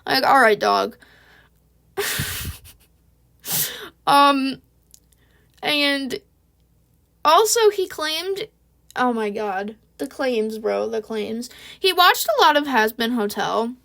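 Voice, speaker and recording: A woman's voice: fairly high pitch, sing-song, slow, creaky, fairly bright tone. A woman telling a casual storytime, sarcastic and slangy, swearing freely as she talks into a home recording mic. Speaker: vlogger.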